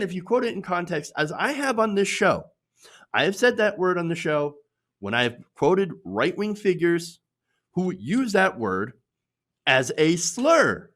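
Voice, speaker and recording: A man with a fairly high voice hosts political commentary. His pitch swings widely as he mocks and jabs in a sarcastic tone. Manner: sarcastic, mocking, animated.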